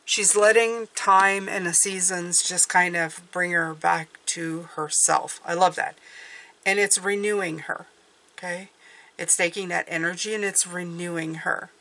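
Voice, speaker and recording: A woman's voice: lowish voice, steady tone, measured pace, sharp tone. A woman giving a casual, rambling intuitive tarot reading, often checking in with "okay?". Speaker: tarot reader.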